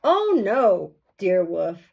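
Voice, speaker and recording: A woman's voice: sing-song, drawn-out words, gravelly, slightly rough, exaggerated voice. A woman voicing a small, innocent little girl in a storybook read-aloud, sweet and pleading. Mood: pleading innocence. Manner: high, bright, sweetly pleading.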